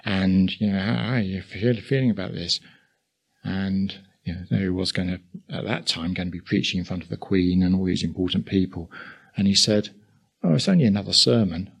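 A man's voice: low-pitched, steady tone, creaky, breathy edge. An older man with an Essex accent preaching a sermon in a conversational way, full of asides to the congregation. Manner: conversational, with asides and quick chuckles.

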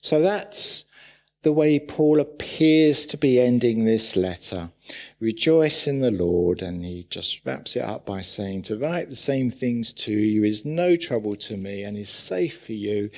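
A man preaching a sermon in a church, telling stories with animated, urgent bursts. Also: lowish voice, a little slow, gravelly. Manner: animated storytelling with sudden loud urgent bursts.

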